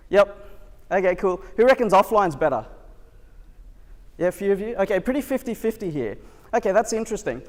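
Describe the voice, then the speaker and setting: Male keynote speaker, higher-pitched voice, chatty storyteller, long hall reverb from a live venue. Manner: chatty storytelling, quizzes the crowd. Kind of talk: live keynote talk to an audience.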